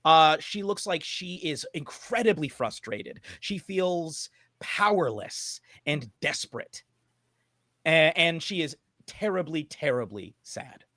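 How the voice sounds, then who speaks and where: A man runs a tabletop game, narrating slowly and dramatically with long pauses. His voice is bright and sits a little high. The recording is dry and close. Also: animated, no echo. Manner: slow and dramatic with long pauses, dropping low for ominous moments. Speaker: game master.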